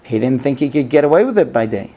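A middle-aged man giving an informal Torah class, telling the story with lively acted-out dialogue. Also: fast, highs cut off, a little hiss or hum. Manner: animated storyteller, acts out quoted speech with high pleading voice. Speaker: rabbi teaching the weekly Torah portion.

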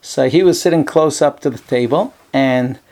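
A man's voice: medium pitch, moderate pace, a little mellow. A man, a rabbi teaching a class in an office, telling a story in a conversational way with many fillers. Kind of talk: storytelling lecture.

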